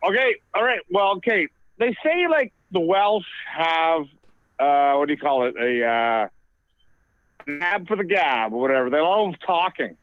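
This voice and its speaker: A man's voice: a little high, animated, dry recording. A man who rambles and hesitates while he chats on a call. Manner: rambling, halting. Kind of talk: casual chat. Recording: tinny dry phone line.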